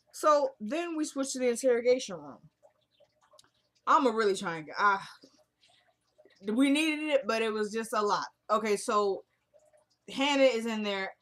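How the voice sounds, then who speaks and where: A woman giving a casual, chatty recap of a TV drama episode, opinionated and quick to react out loud. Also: on the high side. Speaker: TV recap vlogger.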